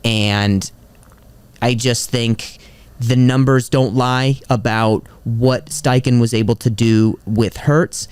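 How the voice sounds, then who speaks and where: A man co-hosting a podcast, chatting casually and excitedly about football and walking through stats. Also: mid-range voice, takes it slowly, smooth, no room sound. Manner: excitable, repeats catchphrases, walks through stats. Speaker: podcast co-host. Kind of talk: casual sports chat.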